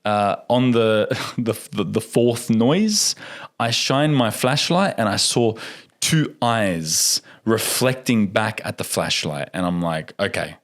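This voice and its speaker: Animated young man telling a story. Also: on the low side, takes it slowly. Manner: animated, laughs often, acts out quotes. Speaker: podcast guest. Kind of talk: casual storytelling.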